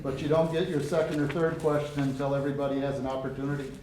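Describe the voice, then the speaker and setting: A man moderating a university event. He makes announcements and sets the rules for questions in a relaxed way, with uh fillers. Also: medium pitch, fast talker. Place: lecture room at a university. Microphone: no microphone, room recording. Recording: echoey room with faint noise.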